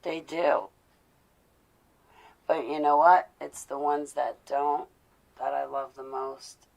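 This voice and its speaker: Gravelly-voiced woman venting to viewers. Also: sits low, steady tone, takes it slowly, darkish tone, poor audio. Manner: intense, confessional, rising to indignant. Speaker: vlogger speaking to live viewers. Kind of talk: casual live-stream talk.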